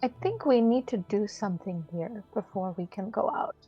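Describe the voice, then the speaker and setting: A woman's voice: mid-range voice, moderate pace, husky, lo-fi sound, soft background music. A woman player speaking tentatively and hesitantly in a tabletop game. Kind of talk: casual in-character play.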